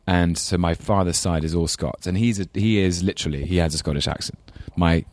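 A man's voice: low-pitched, a little fast, a little mellow, no echo. A man with a London English accent, a guest actor chatting in a rambling, self-deprecating way. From England. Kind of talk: casual chat.

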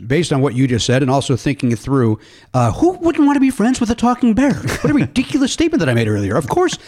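Fast-talking sarcastic male podcast host. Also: fairly high pitch, wildly swooping pitch, a little mellow. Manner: rambling, sarcastic, profane asides. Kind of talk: casual chat.

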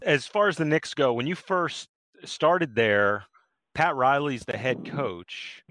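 A man's voice: medium pitch, slow pace, fairly bright tone, dry recording. A male podcast host introducing segments and asking guests questions in an upbeat way. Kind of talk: narration and interviewing.

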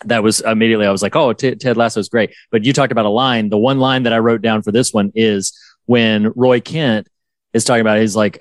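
A man's voice: fairly low pitch, steady tone, brisk, no echo. A man co-hosting a podcast in casual chat, enthusiastically retelling favorite lines from a series. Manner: enthusiastic, quotes lines from the show. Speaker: podcast co-host.

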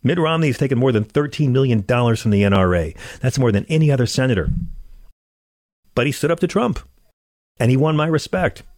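A man's voice: mid-range voice, lively intonation, fairly quick, darkish tone, dry recording, studio quality. A man hosting a comedic political monologue, sarcastic and ranting, stammering as he gets worked up. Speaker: show host.

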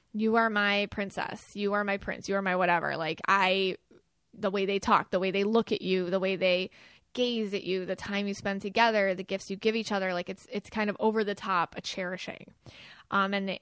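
A woman's voice: medium pitch, steady tone, normal speed, a bit bright, smooth, dry recording, clean studio sound. A woman hosting a podcast, talking casually with many fillers and acting out quoted lines. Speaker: podcast host. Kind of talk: casual spiritual podcast talk.

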